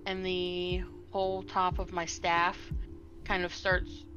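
A woman playing in a tabletop game, slowly and hesitantly describing her character's actions. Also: fairly low pitch, completely flat delivery. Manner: slow, hesitant. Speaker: player. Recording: dull sound with music.

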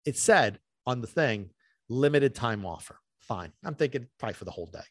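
A man hosting a podcast, telling a long story in an animated, rambling way that swings between loud bursts and muttered asides. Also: mid-range voice, fast, slightly rough, dry recording, clean studio sound. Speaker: podcast host.

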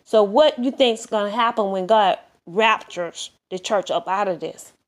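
A woman's voice: medium pitch, unhurried. A woman preaching a sermon, urging listeners earnestly, repeating herself and restarting phrases as she goes. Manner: earnest, repetitive exhortation with many restarts.

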